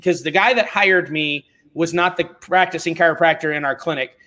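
High-voiced, emphatic middle-aged man. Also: normal speed. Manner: emphatic, animated, blunt and informal. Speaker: podcast guest. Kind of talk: casual conversational storytelling.

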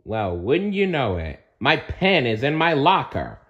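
Mike Wazowski, a man voicing an excitable one-eyed monster. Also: medium pitch, a little slow, highs cut off, pitched above the performer's own voice. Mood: eager. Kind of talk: storybook read-aloud.

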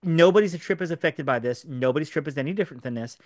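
A man co-hosting a podcast, speaking rapidly and filling his explanations with ums and asides. His voice sits a little high for a man. The studio sound is dry and close. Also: dry recording. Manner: fast, animated explainer with many fillers. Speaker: podcast co-host. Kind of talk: casual podcast chat.

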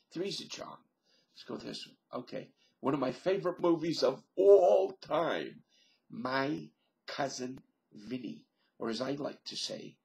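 A man talking slowly into his webcam at home, musing and thinking aloud with many pauses and fillers. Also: mid-range voice, creaky, a little mellow. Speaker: vlogger. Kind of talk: rambling solo webcam monologue.

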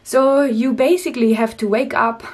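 Wry Austrian woman, slightly high voice. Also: fairly even intonation, moderate pace, a little mellow. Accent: Austrian German. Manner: dry, self-mocking humor. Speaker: stand-up comedian. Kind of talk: casual vlog chat and stand-up comedy.

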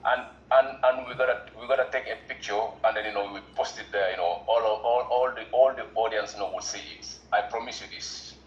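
Earnest low-voiced man. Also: steady tone, fairly quick, few pauses, roomy sound, dull audio, slight background noise. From Gambia. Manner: earnest, repeats himself, fills with "you know". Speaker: guest caller. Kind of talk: casual chat.

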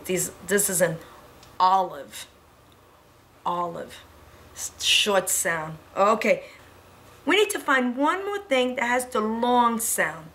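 A woman's voice: medium pitch, a bit bright, slight background noise. A woman teaching a preschool lesson to young children, in a cheerful sing-song way.

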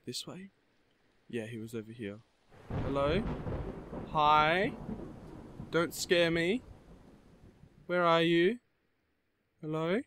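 A man's voice: on the high side, a bit bright, no echo. A man giving nervous let's-play commentary through a horror game map, easily scared and talking to the monsters he meets. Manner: jumpy and easily scared, panicked bursts of no. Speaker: gamer playing a horror map.

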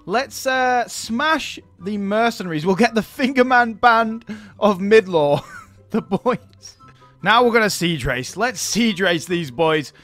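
A man's voice: high voice, animated, takes it slowly, fairly bright tone, faint music behind. A man giving chatty gameplay commentary as he plays, chuckling often between remarks. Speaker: gaming YouTuber.

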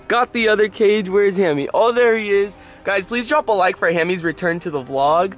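A man's voice: high voice, normal speed, faint music behind. Hyped young man vlogging to camera. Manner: excitable, hyped, chatty with lots of "like" and "guys". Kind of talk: casual vlog talk to camera.

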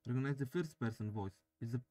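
A man's voice: medium pitch, fast, mellow, dry recording. A man playing a video game, reading the on-screen text aloud and joking between lines. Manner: reads game text aloud and jokes with himself. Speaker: let's play gamer.

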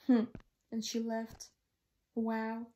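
A woman voicing a young jester girl who reacts to a video wide-eyed and easily alarmed, with breathy gasps. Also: a little high, monotone, extremely slow, slight background noise. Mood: curious. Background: loud music.

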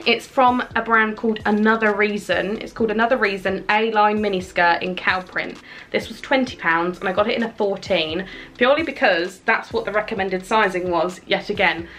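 A woman, chatting excitedly and casually through a clothing haul, swearing now and then. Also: medium pitch, moderate pace. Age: 20s. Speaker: fashion vlogger.

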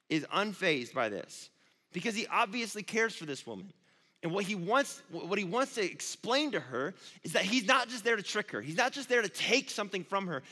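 A man, a youth pastor, giving a casual, storytelling sermon with animated asides. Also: high-pitched. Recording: long reverb of a large hall.

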